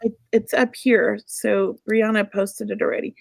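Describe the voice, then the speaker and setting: A woman's voice: medium pitch, little pitch movement, a little slow, creaky, no echo, clean studio sound. A middle-aged woman co-hosting a show, giving casual spirit readings in an emotional, rambling way. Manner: emotional, warm-hearted, rambling. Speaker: psychic medium co-host.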